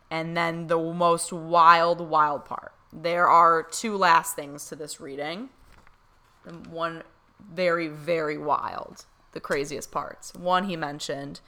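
Bright-voiced young woman gushing to camera. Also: sits low. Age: young adult. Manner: excited, gushing, many fillers. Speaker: vlogger. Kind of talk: casual storytelling to camera.

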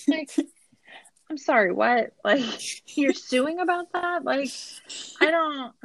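A woman's voice: sits high, expressive, slow pace, no echo, low-quality recording. A woman hosting a casual podcast, recapping a show in a laughing, incredulous way, with lots of "like". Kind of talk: casual chat.

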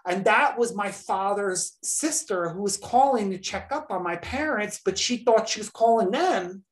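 Animated woman telling a story. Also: medium pitch, moderate pace. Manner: animated storyteller, acts out quotes. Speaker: podcast host. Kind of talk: casual storytelling chat.

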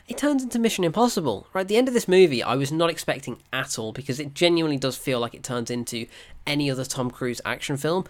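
A reviewer, recapping a film in an excited, animated way, laughing and swearing often. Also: mid-range voice.

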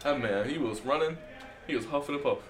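A man's voice: mid-range voice, fast talker, roomy sound, noisy background. A young man co-hosting a podcast, telling stories in slangy casual banter and laughing often. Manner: laughing, joking, slangy storytelling. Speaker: podcast co-host.

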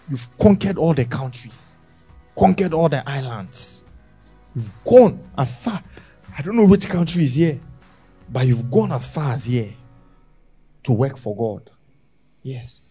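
A man preaching a sermon as pastor, swinging between loud shouts and hushed lines. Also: a little high, husky.

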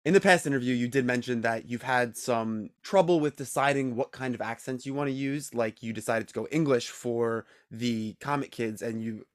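A man from the United States hosts a casual podcast interview and talks through his ideas out loud. His pitch sits mid-range, and the sound is dry and close. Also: moderate pace, few pauses, no echo. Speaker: podcast host.

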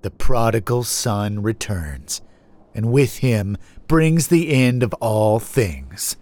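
A man voicing a cold, mocking older brother who speaks flatly and with menace. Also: fairly low pitch, takes it slowly.

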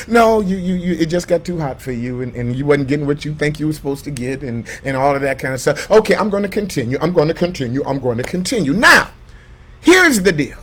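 A man preaching a sermon in a high, ringing voice. He hammers phrases over and over, drops to soft asides and then climbs to shouted peaks. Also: animated, fairly quick. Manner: swings between hushed asides and shouted, repeated preaching lines. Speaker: pastor.

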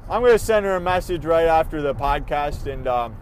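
A young man talks through his own podcast in a loose, rambling way, cutting himself down and swearing without a second thought. His voice sits a little high for a man. A faint hum of noise runs underneath, as if he is in or near a car. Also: animated, a little fast. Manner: rambling, self-deprecating, swears casually. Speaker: podcast host. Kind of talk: casual solo podcast monologue.

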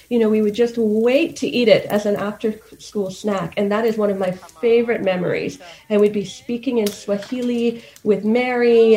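Mellow-voiced woman telling stories. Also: mid-range voice, slight background noise. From Kenya. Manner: reflective, easygoing, often laughing. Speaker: guest. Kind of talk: casual storytelling interview.

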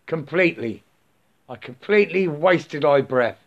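A man drifts through a rambling spiritual monologue and often stops to ask "yeah?" or laugh. His voice is gravelly and sits a little high. He speaks slowly and unhurriedly. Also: expressive, highs cut off.

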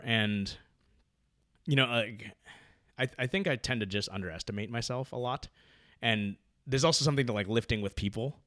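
A man chatting casually about his training, rambling with lots of fillers and getting loud when excited. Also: on the low side, no room sound, clean studio sound. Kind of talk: casual podcast chat.

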